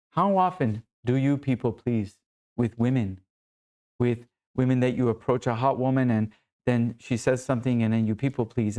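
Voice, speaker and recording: A man coaching other men in an earnest, intimate monologue, calling the viewer brother and slowing down on key phrases. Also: mid-range voice, warm tone. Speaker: men's coach. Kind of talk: direct-to-camera coaching monologue.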